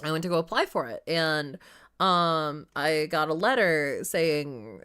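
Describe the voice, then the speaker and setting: Low-voiced woman chatting casually. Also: lively intonation, a little slow, a bit bright, clean tone. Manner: low-key, backchannels, swears. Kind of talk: casual chat.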